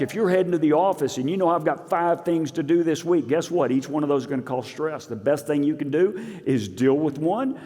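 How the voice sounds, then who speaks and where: Male pastor preaching in a reverberant hall. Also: a little high. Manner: animated preaching, swinging between loud emphasis and quiet asides. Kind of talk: sermon. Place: church sanctuary.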